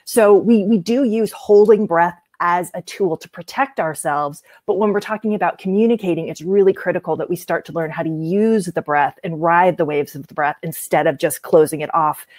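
Low-voiced woman explaining breathwork. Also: moderate pace, few pauses, a little mellow, no room sound. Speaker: voice coach. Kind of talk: explanatory talk.

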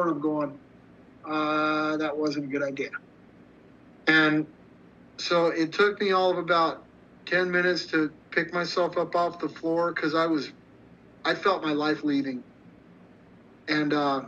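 A man's voice: a little high, pushed and bright. A man telling a story in a blunt, profane, rambling way, with frequent restarts, as an interview guest. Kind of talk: casual storytelling. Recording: slightly muffled with faint noise.

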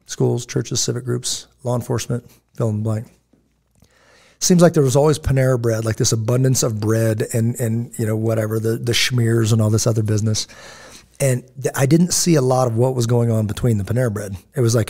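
A man's voice: medium pitch, fairly even intonation, brisk, gravelly, dark tone. A middle-aged man hosting a podcast, telling stories in a casual, digressive way and acting out the people he quotes. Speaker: podcast host. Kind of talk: casual storytelling chat.

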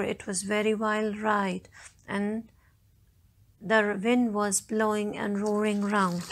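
A woman's voice: medium pitch, vocal fry. A woman college lecturer reads a story aloud and explains it to her students. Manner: explanatory, addresses students directly. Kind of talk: reading a story aloud as a lesson.

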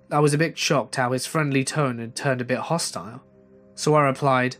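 A man's voice: mid-range voice, moderate pace, fairly bright tone. Man narrating a creepy story. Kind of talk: scripted horror story narration. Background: faint music.

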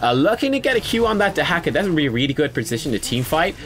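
A man's voice: a little high, big pitch swings, racing, fairly bright tone, soft background music. A man giving casual gameplay analysis commentary, conversational and self-critical, with frequent fillers. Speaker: gaming video creator.

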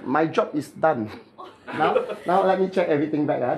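Mid-treatment, a Malaysian-accented male chiropractor coaches his client in short, teasing phrases and mimics the sound of joints cracking. He speaks at normal speed in a slightly high voice, with slight background noise.

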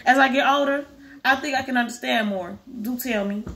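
A woman reading aloud as a tender, eager young boy prince in a storybook, with a bright voice. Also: sits high, a little fast.

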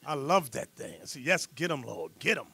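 A man leading a scripture class as bishop, preaching fiery and loud, breaking into rants and shouts. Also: a little high, big pitch swings, normal speed, gravelly, husky. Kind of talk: sermon with rant and teaching.

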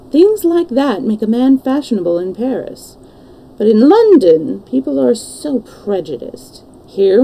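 A woman's voice: medium pitch, creaky, dark tone, rough recording. A woman reading the part of a worldly, cynical English lord in a storybook, languid and matter-of-fact. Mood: grave.

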